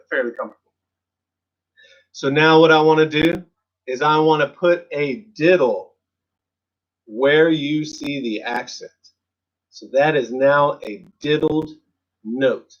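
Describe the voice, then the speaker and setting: A man teaching an online drum lesson in a percussion studio, counting beats aloud in an encouraging, relaxed way. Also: fairly high pitch, lo-fi sound.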